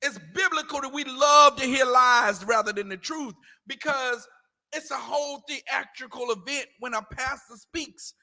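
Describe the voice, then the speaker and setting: A man talking casually in a scripture class, animated and mocking, acting out the voices he quotes. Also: extremely high pitch, moderate pace, big-room sound. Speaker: class teacher.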